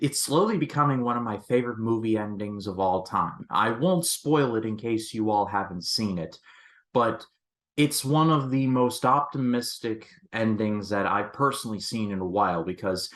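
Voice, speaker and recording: A man talking through a movie review in a casual, chatty way, with lots of "like"s and restarts. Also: mid-range voice. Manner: chatty and expressive, with frequent "like"s and restarts.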